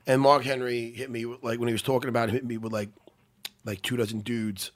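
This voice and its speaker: A man co-hosting a casual sports chat, excitable and swearing freely, often laughing. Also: medium pitch, brisk, dry recording. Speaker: podcast co-host.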